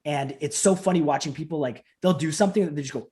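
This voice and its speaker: A man in his thirties, a professional wrestler and trainer, chatting in an interview from home over a video call and acting out quotes as he tells stories. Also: quick pace. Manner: animated storyteller acting out quotes with big pitch jumps. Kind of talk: casual interview chat.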